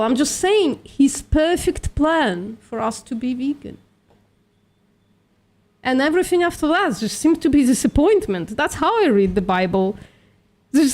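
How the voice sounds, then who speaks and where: A high-pitched, slightly mellow woman runs a live stream as a vegan activist. She's argumentative and blunt, swearing freely and calling people "sweetie."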